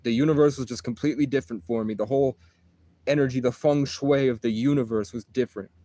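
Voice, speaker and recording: A man talking to camera in a rambling, intense monologue, swearing freely. His voice sits at an ordinary mid pitch. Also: fairly even intonation, fast, warm tone. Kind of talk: casual monologue.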